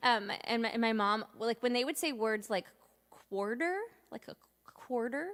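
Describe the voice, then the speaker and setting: A woman's voice: on the high side, expressive, moderate pace, fairly bright tone. A woman in her thirties from Cape Cod, talking casually to viewers on a live stream between songs, chatty and rambling, with no strong regional accent. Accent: General American (no Massachusetts accent). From Cape Cod, Massachusetts. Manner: chatty, rambling, self-deprecating, reads out viewer comments. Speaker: singer-songwriter.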